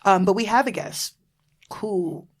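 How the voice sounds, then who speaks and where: A woman's voice: medium pitch, unhurried. A woman in her thirties from Florida, hosting a casual podcast chat, bubbly and laughing often, swearing freely. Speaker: podcast host.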